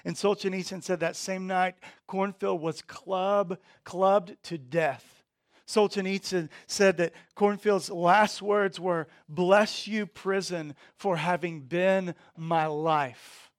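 A man preaching a sermon, earnest, often repeating words and swinging from quiet to emphatic. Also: high voice, dry recording, studio quality. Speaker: pastor.

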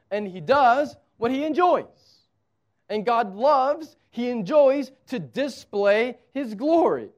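A man preaching a sermon as pastor, conversational and emphatic, with touches of humor. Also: high-pitched.

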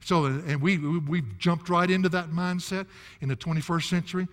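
Older preacher in a reverberant hall. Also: male voice, fairly high pitch, steady tone, normal speed. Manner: folksy, chuckling asides, emphatic phrasing. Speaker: pastor. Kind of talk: expository sermon.

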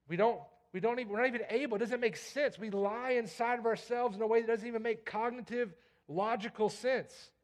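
A pastor preaching a sermon with emphasis, often repeating key lines and checking in with his listeners. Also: high voice. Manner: emphatic, repeats key lines, asks the congregation "You get that?".

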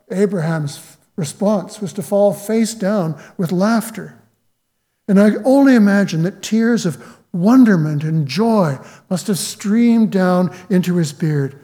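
A man preaching a sermon in a measured, reflective way, quoting scripture as he goes. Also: high voice, warm tone, in a large hall. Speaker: pastor.

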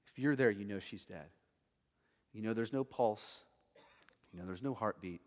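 A man preaching an expository sermon, swinging between loud emphatic stretches and very quiet passages, checking in with listeners with "okay" and "right". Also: medium pitch, animated, a little slow, pauses often. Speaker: pastor. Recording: long hall reverb.

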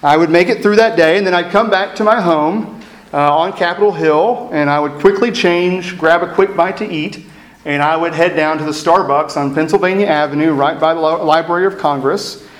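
Pastor preaching in an echoey room. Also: male voice, on the high side, moderate pace. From East Texas. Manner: reflective storytelling with self-deprecating humor. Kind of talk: sermon.

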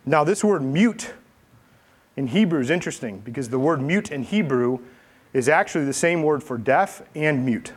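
A man preaching a sermon, telling stories with lively delivery and acting out the quotes. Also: normal speed, slightly rough. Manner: animated storytelling, acts out quotes with big pitch jumps. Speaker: pastor.

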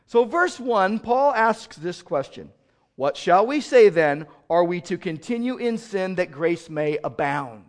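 A man preaching a sermon as pastor, swinging from loud outrage to quiet explanation. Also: high-pitched, expressive, a little slow.

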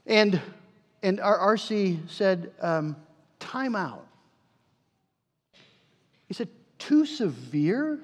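A man's voice: high voice, very slow, pauses often, big-room sound. A man preaching a sermon as pastor, earnest and emphatic, often repeating words for stress.

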